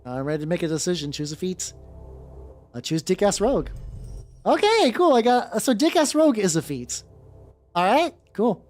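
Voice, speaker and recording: A streamer playing a video game, reacting aloud with swearing and reading the game's text out loud. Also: medium pitch, animated, moderate pace. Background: faint background music.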